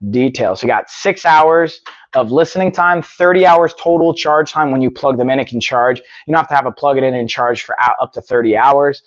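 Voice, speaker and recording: A man's voice: mid-range voice, fairly quick, no echo, dull audio. A man hosting a casual live stream, upbeat and chatty, often saying "y'all" and muttering to himself between bits. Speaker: livestream host. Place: home gym.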